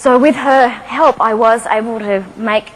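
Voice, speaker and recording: A woman's voice: fairly high pitch, a little slow, poor audio. A middle-aged woman giving a motivational talk on stage, telling her life story with self-deprecating humor and questions to the audience. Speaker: motivational speaker. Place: stage before a live audience.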